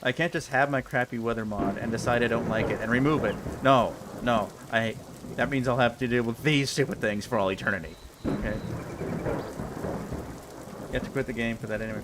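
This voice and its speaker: A man's voice: mid-range voice, fairly even intonation, a little fast, noisy background. Exasperated ranting young male streamer. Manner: exasperated ranting, repeats himself. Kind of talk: casual game commentary.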